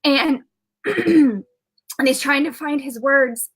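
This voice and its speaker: A woman's voice: sits high, slow. A woman who works as an intuitive medium, telling a personal story on a live video in a rambling way, with many fillers and restarts.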